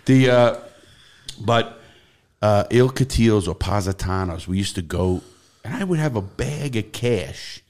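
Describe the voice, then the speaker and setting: His lowish voice runs a little slow as he, a middle-aged man with a New York accent, shares stories on a podcast as a guest. He's blunt, animated, and profane, swearing freely through the casual interview.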